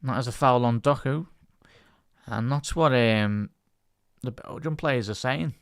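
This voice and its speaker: A man calls a football match live for his stream, talking straight to his viewers in a relaxed, chatty way and picking up when play gets going. His voice is smooth and clear, in the middle of the male range. The sound is dry, with no room echo. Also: mid-range voice, measured pace. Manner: chatty, talks to his chat between bursts of play-by-play; rises and speeds up on attacking moves. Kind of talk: casual live match commentary.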